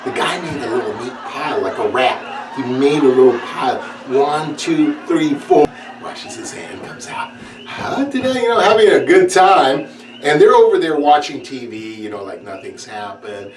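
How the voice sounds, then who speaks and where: A man telling a funny story from his childhood, laughing often and acting out the people in it with a high voice. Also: lively intonation, moderate pace. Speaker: comedian. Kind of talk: sit-down comedy storytelling. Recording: roomy echo, distant mic, clear background noise.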